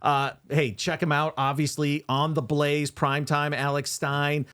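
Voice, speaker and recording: A man hosting a podcast, brisk, moving the talk along and plugging the show. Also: fairly high pitch, little pitch movement, a bit bright, smooth. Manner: brisk, wraps up and plugs the show. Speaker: podcast host. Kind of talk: casual podcast chat.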